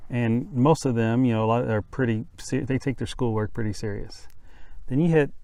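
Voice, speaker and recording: A man's voice: mid-range voice, normal speed, mellow, no echo. A young man hosting a casual podcast chat, a former teacher who rambles, corrects himself and jokes as he goes. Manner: rambling, self-correcting, joking. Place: outdoors, windy. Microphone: podcast microphones.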